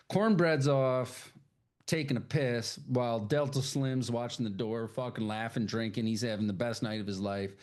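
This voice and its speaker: A man's voice: fairly low pitch, a little mellow. A man co-hosting a podcast, casually recapping a film scene by scene in a loose, profane storytelling way. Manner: loose, profane storytelling that slips into quick impressions of characters. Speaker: podcast co-host.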